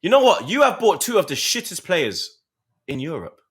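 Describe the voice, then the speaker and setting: A man's voice: high voice, big pitch swings, normal speed. A young man, trading blunt, mocking, sweary football banter. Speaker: football fan panelist.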